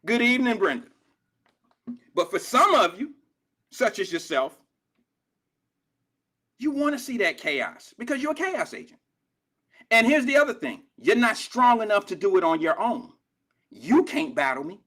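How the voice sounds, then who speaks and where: A middle-aged man hosting a live call-in show out of Cincinnati, USA, goes after his critics in a heated, profane, combative rant. He talks in a high-pitched voice that sounds pushed and bright.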